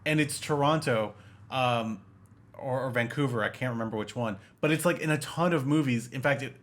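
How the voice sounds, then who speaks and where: Speaking a little fast in a mid-range voice, this man co-hosts a laid-back podcast reviewing a film. His sarcastic, rambling take is full of filler words, and he keeps restarting his sentences.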